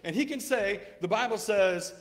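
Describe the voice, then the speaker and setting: A man's voice: sits high, animated, normal speed. A man, a preacher in a formal debate, arguing insistently, repeating key words and reading Bible verses aloud in old-fashioned wording. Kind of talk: debate rebuttal with scripture reading.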